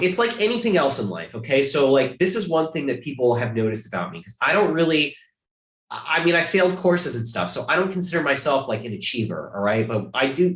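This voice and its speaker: A man's voice: mid-range voice, fairly bright tone, roomy sound. A man from Ohio, a podcast guest chatting casually, rambling with many fillers and restarts. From Ohio, USA.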